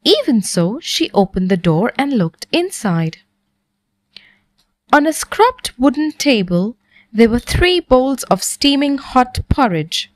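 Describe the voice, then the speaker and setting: A woman narrating a bedtime story for children in a gentle, expressive manner. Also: a little high, slow pace, dry recording.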